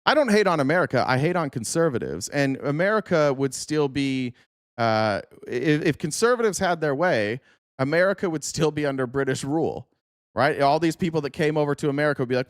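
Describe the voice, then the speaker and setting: Argumentative man with a fairly high voice. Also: lively intonation, no room sound, studio quality. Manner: argumentative, rapid-fire. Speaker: streamer. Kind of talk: live-stream political rant.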